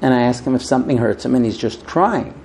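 A man's voice: mid-range voice, a little mellow, a little hiss or hum. A middle-aged man, not a native English speaker, giving an informal sermon full of stories, often stumbling and restarting his sentences. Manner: halting restarts, storytelling, acts out quoted voices.

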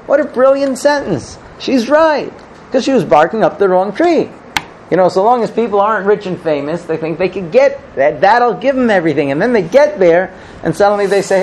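A man giving a sermon, telling a parable in an animated storytelling manner. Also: sits high, fairly quick, a little hiss or hum, low-quality recording. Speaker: religious teacher.

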